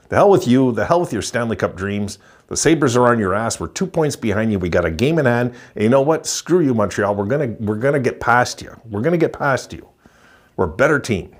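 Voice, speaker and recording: A man in his sixties giving an excited, chuckling postgame rant as a hockey vlogger, repeating himself for emphasis. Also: fairly low pitch. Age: 60s. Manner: gleeful, chuckling, emphatic repetition.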